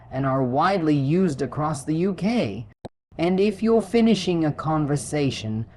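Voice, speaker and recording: A man with a British accent narrating a scripted English lesson in a measured, instructive way. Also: mid-range voice, darkish tone, a little hiss or hum, rough recording. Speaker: English teacher.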